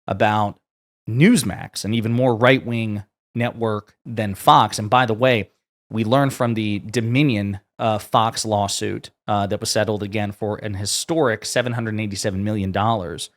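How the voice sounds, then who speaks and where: A man with a slightly low voice hosts online political commentary. He reads quotes aloud, then adds blunt, sarcastic asides in a casual, offhand way. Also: normal speed.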